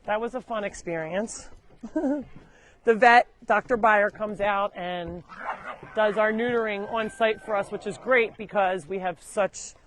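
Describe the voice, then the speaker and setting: A woman's voice: mid-range voice, unhurried, slight background noise. A woman hosting a live sanctuary tour, chatting and laughing as she walks among the animals, coaxing and scolding them. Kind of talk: casual live tour narration. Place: walking around a farm sanctuary, indoors and outdoors. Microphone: wearing a microphone.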